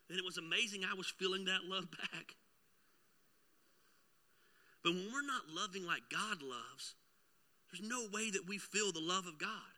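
Guy preaching, kinda high pitched, goes loud then quiet telling his story. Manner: animated storytelling, swings from loud to hushed. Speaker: pastor. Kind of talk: sermon with personal story.

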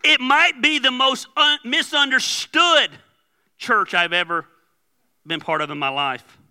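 A man's voice: extremely high pitch, lively intonation, unhurried, pushed and bright. A male pastor preaching in a loose, conversational way, telling stories and acting out the dialogue. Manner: conversational storytelling with laughs and quoted dialogue. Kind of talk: sermon.

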